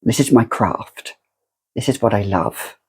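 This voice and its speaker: A woman's voice: rumbling low, a little slow, a little mellow, breathy edge. A British woman reviewing fragrances in a casual vlog, theatrical and effusive as she gushes over scents. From Britain. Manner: theatrical and effusive, gushing descriptions.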